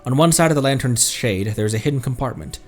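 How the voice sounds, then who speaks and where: A man's voice: mid-range voice, animated, fast, faint music behind. A man live-streaming a game in casual commentary, goofy and jokey, laughing at his own puns and reading in-game lore aloud.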